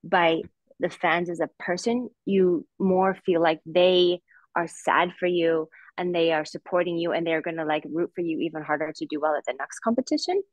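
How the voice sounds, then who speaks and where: A woman in her thirties, a former skater, thinks aloud on a podcast. Her voice sits on the low side and reaches the ear close and dry. She talks in loose, reflective runs with frequent restarts. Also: normal speed, dry recording, rough recording. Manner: reflective, many restarts and fillers. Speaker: guest, former figure skater. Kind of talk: podcast discussion.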